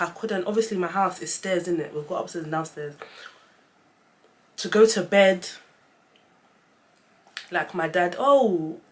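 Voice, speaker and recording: Young woman chatting story time to camera, emotional, trying not to cry. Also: on the low side. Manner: chatty, emotional, fighting back tears. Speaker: vlogger. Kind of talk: casual story-time vlog.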